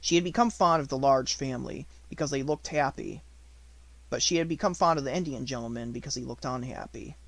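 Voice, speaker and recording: A man reading a classic novel aloud as an audiobook narrator, in a steady, even storytelling voice. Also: medium pitch, a little fast, no echo, poor audio.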